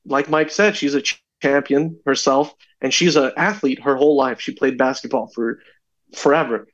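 A man's voice: mid-range voice, normal speed, dull audio. A young man, a podcast guest, telling a story in casual chat and acting out the dialogue as he goes. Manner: animated, acts out dialogue in his stories.

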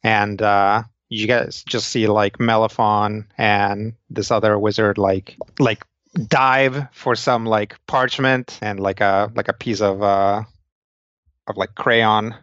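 Male game master, low voice, slow and halting, dry dull recording. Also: fairly even intonation, fairly bright tone, clear, resonant tone, no room sound. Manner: halting, many fillers and restarts. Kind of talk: narrating a tabletop game.

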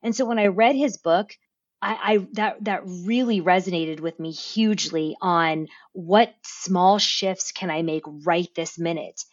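A woman speaking as a podcast guest in casual interview talk, animated and given to repeating words as she tells her story. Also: fairly low pitch, a little slow, lo-fi sound. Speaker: podcast guest, business owner.

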